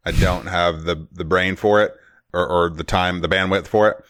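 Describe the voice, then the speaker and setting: Low-voiced, rambling man co-host. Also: fairly even intonation, normal speed, fairly bright tone, dry recording, studio quality. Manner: rambling, self-correcting, wry. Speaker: podcast co-host. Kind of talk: casual podcast chat.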